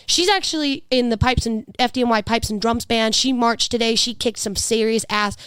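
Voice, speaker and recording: A woman's voice: fairly high pitch, normal speed, a bit bright, clean tone, no room sound, clean studio sound. A woman in her thirties with a New York accent, talking and laughing in a casual podcast chat. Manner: chatty, laughing, swearing, restarts often. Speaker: podcast co-host.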